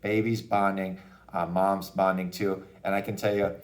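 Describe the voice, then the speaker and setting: Casting: male doctor, low-ish voice, easygoing parent-advice explainer talking to camera. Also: flat delivery, moderate pace. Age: adult parent of a young child. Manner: casual and upbeat, with frequent "okay?" and "hey" asides. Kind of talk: educational talk to camera.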